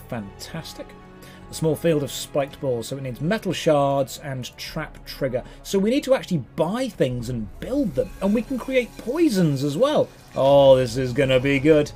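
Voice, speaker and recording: Playful streamer commentating. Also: male voice, mid-range voice, warm tone. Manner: playful, quick asides. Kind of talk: casual gameplay commentary.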